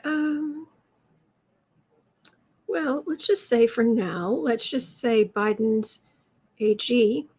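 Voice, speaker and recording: A woman's voice: on the high side, drawn-out words, pauses often, husky. Chatty woman reading viewer questions. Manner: chatty, reads out questions, talks to her cat in a soft baby voice. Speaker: tarot reader taking viewer questions. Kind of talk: casual livestream chat.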